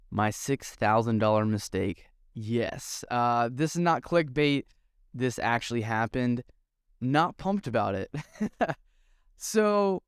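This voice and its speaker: A man's voice: medium pitch, clean tone, no echo, clean studio sound. A young man hosting a podcast, telling a story in a chatty, self-deprecating way with lots of ums. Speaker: podcast host. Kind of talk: casual storytelling monologue.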